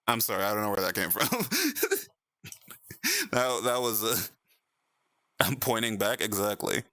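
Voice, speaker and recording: A young man streaming in VR, chatting casually with viewers, animated and laughing often. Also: lowish voice, measured pace, long pauses, no echo, clean studio sound. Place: VR chat stream at home.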